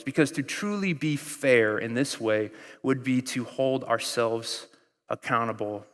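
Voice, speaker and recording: An American man in his thirties preaches in a relaxed, conversational way, slipping into other voices as he tells stories. His voice sits at an ordinary middle pitch. The sound carries a long reverb, as if from a large hall. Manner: conversational preaching with storytelling and acted-out quotes. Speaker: pastor. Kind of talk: sermon.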